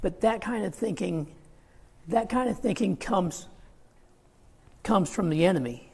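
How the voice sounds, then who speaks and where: A man's voice: sits high, expressive, a little slow, vocal fry, a little mellow, husky, in a large hall. A man preaching a sermon, earnest and emphatic, quoting scripture as he goes.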